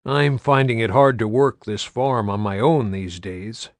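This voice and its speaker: A man narrating an audiobook, putting on the voice of a blunt, rough middle-aged farmer in a raised, pitched-up tone. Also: a little slow, dry recording, studio quality, natural voice.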